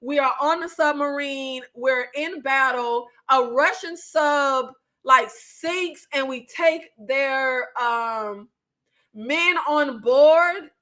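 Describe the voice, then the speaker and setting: A woman's voice: sits high, slow, a bit bright. A young woman, casually chatting through movie recommendations with fillers and laughs. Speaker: movie review YouTuber.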